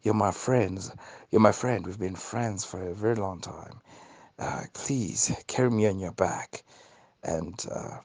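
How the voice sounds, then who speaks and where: A man's voice: low voice, measured pace, creaky, a little mellow, dry recording, heavily acted. A man voicing a pleading, treacherous scorpion. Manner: begging, then matter-of-fact.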